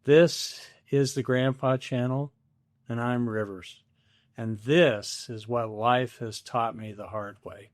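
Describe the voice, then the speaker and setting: A man's voice: mid-range voice, fairly even intonation, slow, dry recording, clean studio sound. A man in his seventies hosting a solo podcast, telling a family story in a wry, self-deprecating scripted style. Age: 70s.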